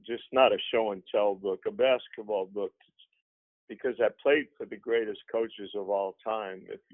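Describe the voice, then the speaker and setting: A man's voice: fairly low pitch, no echo. Plain-spoken man, phone-line sound. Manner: plain-spoken, repeats himself. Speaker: former basketball coach, guest. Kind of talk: casual talk. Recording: phone-like, dry.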